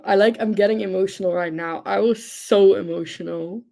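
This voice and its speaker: A woman's voice: mid-range voice, fairly even intonation, brisk, gravelly, warm tone. A young woman hosting a livestream, chatting casually and gushing with enthusiasm, with lots of fillers. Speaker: livestream host. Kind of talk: casual chat.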